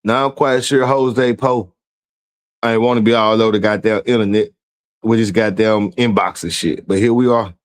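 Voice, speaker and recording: A man's voice: on the low side, fairly even intonation, moderate pace. A man hosting a streamed show, reading out messages and mocking them in a profane, incredulous commentary. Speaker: show host.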